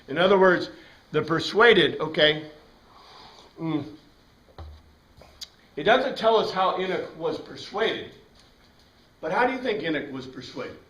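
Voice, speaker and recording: A man teaching a Bible class, lecturing in an animated way and asking the class questions. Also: fairly high pitch, unhurried, long pauses. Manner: animated, asks the class questions, frequent "right?". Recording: echoey room, from a distance.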